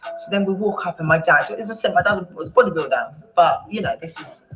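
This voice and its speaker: A woman telling a personal story on a panel, rambling and halting, with many fillers and restarts. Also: on the low side, lively intonation, a bit bright, muffled recording, faint music behind. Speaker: panel guest.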